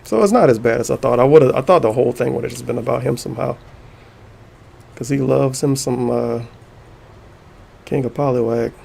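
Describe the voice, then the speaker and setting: A man's voice: mid-range voice, creaky, darkish tone, slightly rough. A man streaming and reading posts aloud, sarcastic and mocking, with frequent swearing.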